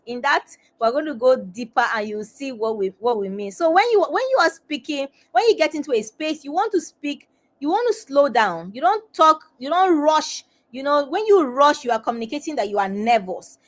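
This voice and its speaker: High-voiced emphatic woman coaching confidence. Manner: emphatic, repeats phrases, addresses viewers directly. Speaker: webinar host and confidence coach. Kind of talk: live webinar teaching.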